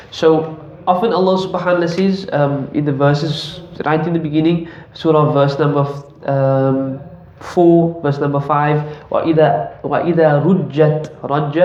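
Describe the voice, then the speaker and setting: A man's voice: a little high, darkish tone, slight background noise. A man teaching Arabic grammar to a class, explaining patiently, quizzing his students and chuckling often. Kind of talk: classroom lesson. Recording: echoey classroom, dull lo-fi audio.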